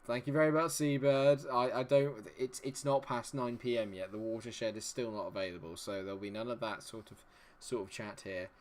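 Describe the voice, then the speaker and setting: Chatty male streamer, mid-pitched, talks to his live chat while playing. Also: steady tone, moderate pace. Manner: chatty, greets viewers, mutters while fiddling with settings. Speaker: live-streaming game player.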